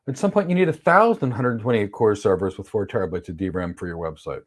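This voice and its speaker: A man's voice: fairly low pitch, fast, few pauses. Blunt, opinionated male tech instructor. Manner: blunt, opinionated, reads viewer questions aloud; acts out examples in playful voices. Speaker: cloud certification instructor. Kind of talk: livestream Q&A teaching.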